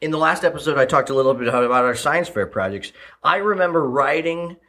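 A man's voice: a little high, lively intonation, fairly quick, pushed and bright. Casual storytelling podcast host, man. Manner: storytelling, repeats phrases, frequent fillers. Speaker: podcast host, leadership coach. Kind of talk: casual solo podcast talk.

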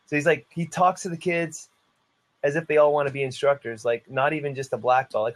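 A man who teaches martial arts chats casually on a podcast. He tells his story in an animated way, packed with "like" and quick asides. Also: mid-range voice, rough recording. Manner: animated storyteller, heavy use of "like".

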